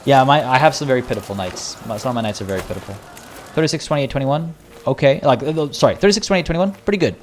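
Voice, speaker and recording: A man's voice: medium pitch, fast talker, a little hiss or hum. A man casually talking through a strategy game on a live stream, chatty and wry, with mock-villainous asides. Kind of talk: casual live gameplay commentary.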